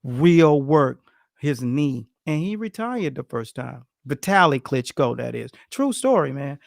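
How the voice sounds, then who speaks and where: Animated high-voiced man telling boxing stories. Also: a little slow, creaky, no echo, clean studio sound. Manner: animated, slangy, acts out quotes with grunts and laughs. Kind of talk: casual storytelling chat.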